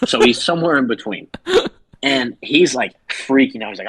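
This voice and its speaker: A man's voice: mid-range voice, animated, fairly quick, fairly bright tone, husky, dry recording, poor audio. A man on a podcast telling a long story in a casual, rambling way, full of fillers, and acting out the people he quotes. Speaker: podcast co-host.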